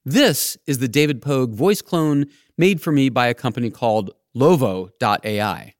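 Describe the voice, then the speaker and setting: A man's voice: medium pitch, expressive, moderate pace, no echo, clean studio sound. A man hosting a podcast, narrating his script in a wry, playful way. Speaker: podcast host.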